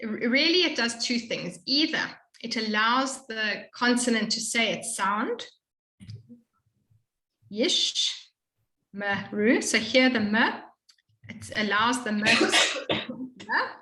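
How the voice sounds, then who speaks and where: A woman tutoring a student in Hebrew reading, explaining patiently and slowly modeling each sound. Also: on the high side, lively intonation, bright, forceful tone, echoey room, low-quality recording. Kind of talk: one-on-one reading lesson.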